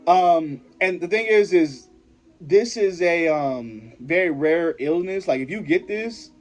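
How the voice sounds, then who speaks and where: A man's voice: fairly high pitch, animated, slow pace, soft background music. A young man vlogger telling a personal story in a rambling, profane, slangy way, often stopping and restarting his sentences. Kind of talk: casual storytelling to camera.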